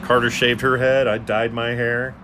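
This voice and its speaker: A man's voice: mid-range voice, level tone, normal speed, background noise. A man in his fifties co-hosting a podcast in casual chat, joking and rambling with puns. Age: 50s. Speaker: podcast co-host.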